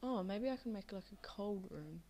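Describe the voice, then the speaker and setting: A woman's voice: mid-range voice, lively intonation, moderate pace, dark tone. A tired young woman rambling casually over a game she is playing, drowsy, with many fillers. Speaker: Minecraft video maker. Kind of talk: casual gameplay commentary.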